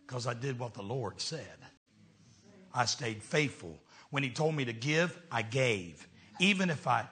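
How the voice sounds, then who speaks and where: Preacher guy mid-aged, high voice that jumps all over, storytelling sermon. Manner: animated, swinging from shouts to hushed tones. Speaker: traveling evangelist preacher.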